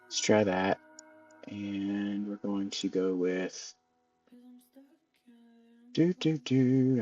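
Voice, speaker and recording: A man's voice: lowish voice, darkish tone. Rambling man narrating gameplay, slightly distant. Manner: rambling, thinks aloud with many ums. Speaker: gaming channel host. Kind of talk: casual let's-play commentary. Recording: dull lo-fi mic a bit off, faint music. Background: faint background music.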